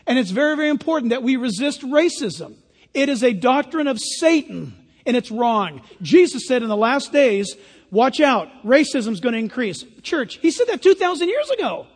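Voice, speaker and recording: A man's voice: extremely high pitch, sing-song, normal speed, in a large hall. A man preaching a sermon as pastor, emphatic with sarcastic asides.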